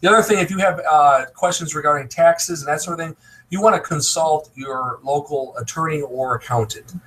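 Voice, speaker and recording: A man's voice: fairly high pitch, fairly quick, bright, forceful tone, rough recording. An American man in a live video call, giving emphatic, laughing advice in casual chat. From United States. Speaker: online business promoter.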